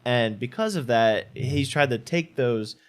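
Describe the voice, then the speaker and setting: A man co-hosting a casual film debate, speaking in a halting, thoughtful way as he searches for his words. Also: mid-range voice. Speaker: podcast co-host.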